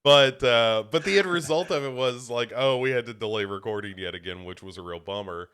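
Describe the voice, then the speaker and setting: A man's voice: medium pitch, fairly quick, fairly bright tone, clean tone. A young man co-hosting a podcast, a little congested, chatting casually in a rambling, self-deprecating way with many restarts. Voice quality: slightly congested. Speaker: podcast co-host. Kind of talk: casual chat.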